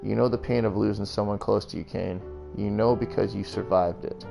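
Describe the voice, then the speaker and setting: A man playing a gruff, foul-mouthed old grandmother. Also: on the low side, fairly even intonation, a little fast, over music. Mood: stern tender. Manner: gruff, vulgar, rural drawl. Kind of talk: reading a novel aloud, voicing characters.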